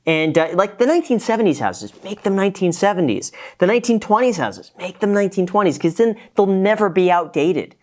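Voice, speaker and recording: A man's voice: high-pitched, expressive, fairly quick, few pauses, darkish tone. A man hosting a casual reaction show, a former real estate agent who gives frank, cost-minded critiques of a home tour.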